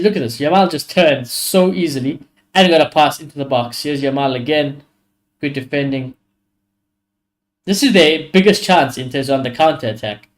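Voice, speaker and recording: A man hosting a live football watchalong stream, giving blunt, opinionated reactions and swearing often. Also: on the high side.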